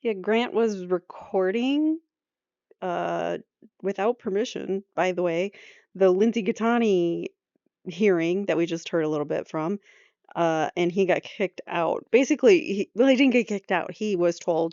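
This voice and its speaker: A woman's voice: fairly low pitch, measured pace, a little mellow, no echo, dull audio. A woman host giving casual commentary, explaining what the clips show. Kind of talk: commentary over interview clips.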